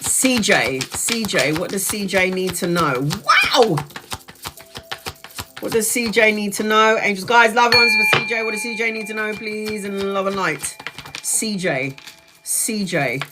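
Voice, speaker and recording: A woman's voice: mid-range voice, unhurried, over loud music. A woman giving a live-streamed tarot reading, chatty and blunt, swearing casually as she talks. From Brazil. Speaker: tarot reader.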